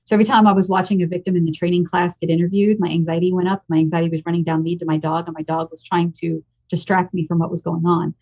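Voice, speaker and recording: Frank, emotional woman in her fifties, low-pitched. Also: little pitch movement, fast, few pauses, a little mellow. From United States. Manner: frank and emotional, blunt with occasional swearing. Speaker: podcast guest. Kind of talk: candid personal storytelling.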